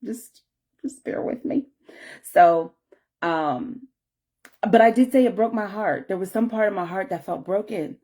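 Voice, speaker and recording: A woman's voice: mid-range voice, unhurried, pauses often, mellow. A woman talking through an emotional personal story in a rambling vlog, with many restarts and apologies and moments of tearfulness. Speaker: vlogger.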